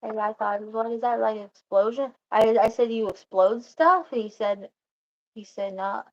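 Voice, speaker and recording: Rambling woman telling a story, lo-fi. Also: a little high. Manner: rambling, restarts, quotes others in quick asides. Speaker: vlogger. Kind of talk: casual storytelling monologue.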